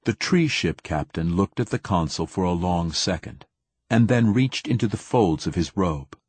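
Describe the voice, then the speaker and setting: A man narrating an audiobook in a steady storytelling manner. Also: deep voice, moderate pace, breathy edge, no echo. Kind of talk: scripted narration.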